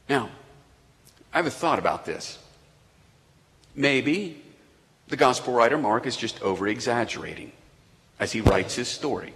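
A male pastor preaching in a large church sanctuary, his voice trailing off into a long hall echo. He tells the story with flair, swinging from loud emphasis down to hushed near-whispers. His voice sits at a middle pitch. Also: animated, normal speed. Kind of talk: sermon.

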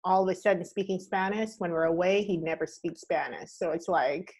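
A woman's voice: lowish voice, a little fast, breathy edge. A woman from the United States co-hosting a casual podcast, chiming in with short remarks and laughing easily. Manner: warm interjections, laughs easily. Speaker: podcast co-host.

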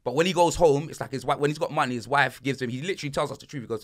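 Racing along with hardly any pauses, a young podcast host in a fairly high voice recounts a holiday story. He's animated and slang-heavy, and he mimics other people's voices as he goes.

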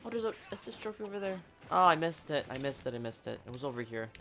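A man giving excitable live commentary while playing a video game, talking at the screen and swinging from low mutters to sudden shouts. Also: fast, soft background music. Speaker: gaming channel host.

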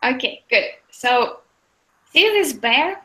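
A woman's voice: high-pitched, lively intonation, slow, pushed and bright, rough recording. A woman teaching an online language lesson, patient and encouraging with her students.

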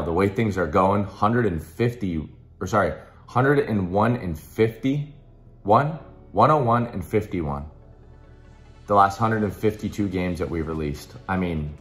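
A man with a very low voice makes a hyped, pushy pitch for his betting picks. His voice is a little hoarse, and he talks loosely, with plenty of fillers and restarts. Faint music plays underneath. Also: lively intonation, measured pace, fairly bright tone. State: slightly hoarse. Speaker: sports betting tipster. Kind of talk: casual promotional pitch.

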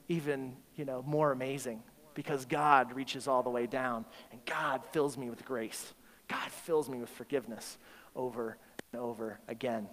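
A man's voice: mid-range voice, steady tone, normal speed. A man preaching a sermon at a school chapel service, emphatic, with rhetorical questions and acted-out inner voices. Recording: long hall reverb.

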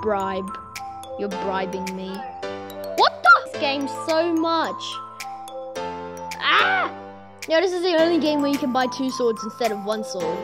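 A woman giving casual commentary over her own gameplay, excitable, yelping and trash-talking playfully. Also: a little high, normal speed. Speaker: gamer commentating own play. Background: children's music playing.

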